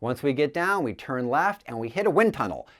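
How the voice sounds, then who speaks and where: A man hosting a cycling channel, telling the story of a group ride in a lively, enthusiastic way. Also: medium pitch, a little fast. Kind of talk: storytelling voice-over.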